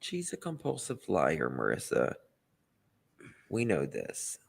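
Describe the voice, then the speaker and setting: A man co-hosting a casual commentary chat, giving earnest and opinionated remarks in a measured way. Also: low-pitched, wildly swooping pitch, vocal fry, husky. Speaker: co-host.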